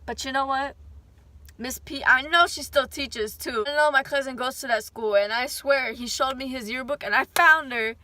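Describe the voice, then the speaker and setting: A woman's voice: high-pitched, normal speed, pushed and bright, no room sound. A young woman telling a casual storytime on her vlog, chatty and rambling, swearing often and breaking into asides. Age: young adult. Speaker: vlogger.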